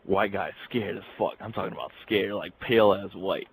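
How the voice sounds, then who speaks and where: A man's voice: low-pitched, normal speed, gravelly, a little hiss or hum, low-quality recording. A young man casually telling crude jokes, rambling and laughing at his own punchlines. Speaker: joke teller.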